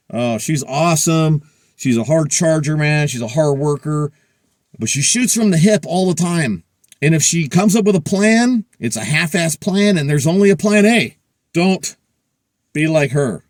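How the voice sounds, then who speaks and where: A man's voice: fairly high pitch, no room sound, studio quality. A middle-aged man hosting a prepper channel, talking to camera in a blunt, profane, heated casual rant.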